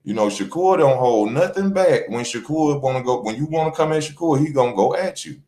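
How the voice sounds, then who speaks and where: A man's voice: mid-range voice, animated, a little fast, warm tone, roomy sound. A man, giving casual, slangy boxing news commentary to viewers that turns heated and emphatic.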